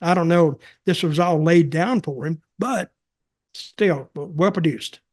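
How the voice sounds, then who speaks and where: Older man, podcast host, rambling folksy delivery, slightly higher voice. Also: a little slow, a little mellow. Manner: rambling, folksy, repeats himself. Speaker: podcast host, wrestling veteran. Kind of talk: casual storytelling chat.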